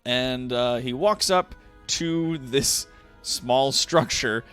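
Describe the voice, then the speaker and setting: A man narrating a tabletop game as game master, relaxed, with frequent fillers. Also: mid-range voice, drawn-out words, smooth, faint music behind.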